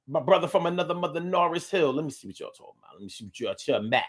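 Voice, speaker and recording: Middle-aged male host, animated and playful, voice a touch higher than most men, swinging from a low drawl to loud bursts. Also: fairly quick. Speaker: host of a live talk show. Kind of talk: casual livestream chat reading comments.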